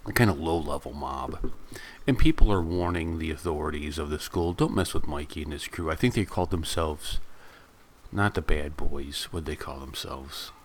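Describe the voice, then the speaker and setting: A man's voice: very deep voice, normal speed, a little hiss or hum. A man reviewing a film in a casual, rambling retelling full of asides. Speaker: movie reviewer.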